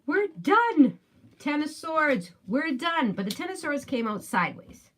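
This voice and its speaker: A woman's voice: high voice, sing-song, measured pace, a little hiss or hum. A woman doing a casual tarot reading, chatty and musing aloud, with emphatic repetitions. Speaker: tarot reader.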